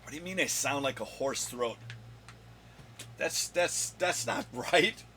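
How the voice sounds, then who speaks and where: A man hosting his own video countdown of comic finds, rambling and joking with his son off camera, with a slightly hoarse voice. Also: medium pitch, unhurried, pushed and bright, slight background noise. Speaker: comic collector and channel host.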